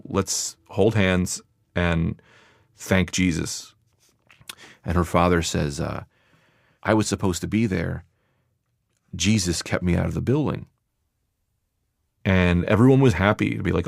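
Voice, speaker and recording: A man's voice: deep voice, vocal fry, no echo, clean studio sound. A young man from New Jersey telling a candid personal story, rambling with fillers and acting out what people said. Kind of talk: personal story told to a podcast.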